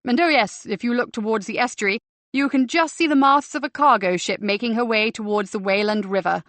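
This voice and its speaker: A woman reading an audiobook, voicing a fussy, theatrical male church tour guide with a slow, showy delivery. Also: a little high, fairly bright tone, dry recording, natural voice. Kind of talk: audiobook character voice.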